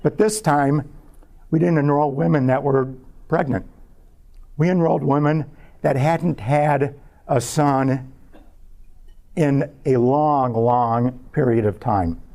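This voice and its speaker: A man, a scientist, giving a public talk as a measured personal story about his research. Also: medium pitch, dark tone. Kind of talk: lecture told as a personal story.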